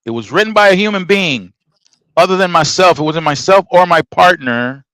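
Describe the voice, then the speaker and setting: A man's voice: high-pitched, lively intonation, moderate pace, sharp tone, dry recording, rough recording. A middle-aged man casually telling a story, emphatic and acting out the dialogue as he goes. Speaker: podcast host telling a trucking story.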